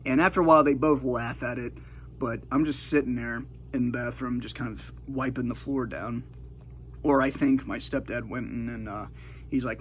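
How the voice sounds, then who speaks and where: A man's voice: mid-range voice, steady tone, moderate pace, slight background noise. Rambling man telling a childhood story. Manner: rambling, full of fillers and restarts. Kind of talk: casual storytelling.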